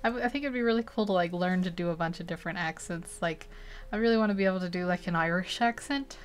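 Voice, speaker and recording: A woman's voice: lowish voice, fast talker, clear, resonant tone. A young woman casually narrating as she paints a digital portrait, chatty and rambling, laughing often between thoughts. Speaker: digital art streamer.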